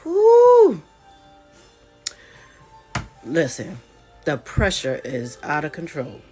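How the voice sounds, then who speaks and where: A woman's voice: rumbling low, normal speed, soft background music. A woman vlogger with a congested voice, telling a casual story straight to her viewers with chatty, folksy asides.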